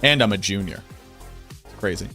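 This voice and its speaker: A chatty man with a Boston accent hosts a casual livestream, greeting viewers and answering their messages in a playful way. His voice sits fairly low, with soft music playing faintly behind him. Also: lively intonation, moderate pace. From Boston, United States. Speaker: game streamer.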